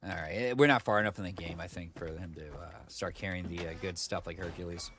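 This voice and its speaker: Low-voiced guy streaming a game, rambly chatty commentary, desk mic, faint typing behind. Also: quick pace, fairly bright tone, a little hiss or hum. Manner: rambling, chatty, full of fillers and asides. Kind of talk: casual let's-play commentary.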